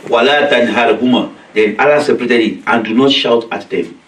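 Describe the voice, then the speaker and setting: A man's voice: mid-range voice, racing, a bit bright. Male religious teacher, weekly lesson, explains Arabic verses in plain English, acts out the quotes, echoey community hall, far from the mic. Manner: recites verses in Arabic and explains them in simple, repetitive English; acts out quoted voices of children and parents. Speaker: religious teacher leading a weekly study circle. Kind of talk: religious lecture.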